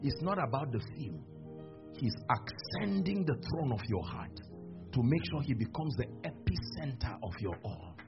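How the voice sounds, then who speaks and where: A man's voice: mid-range voice, normal speed. A man preaching a sermon at a church service, acting out dialogues as he goes. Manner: animated, acts out dialogues. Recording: dull lo-fi recording with music behind.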